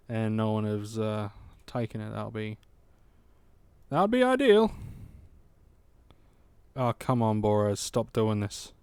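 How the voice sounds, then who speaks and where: Smooth-voiced man muttering through a game stream. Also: lowish voice, completely flat delivery, a little slow, darkish tone, no room sound. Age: late 20s. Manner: chatty, swearing, muttering to himself. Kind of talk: casual gaming livestream commentary.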